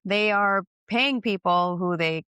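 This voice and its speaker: A woman giving casual podcast commentary in a measured way, often pausing on "um". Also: mid-range voice, bright, forceful tone, clear, resonant tone, no echo. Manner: measured, with frequent "um" and laughter.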